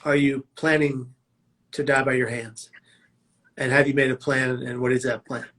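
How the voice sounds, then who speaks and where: A man's voice: mid-range voice, level tone, moderate pace, fairly bright tone. A man telling his own life story as a prevention speaker, in a vivid, dramatic way with emphatic quoted lines. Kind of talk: personal storytelling talk.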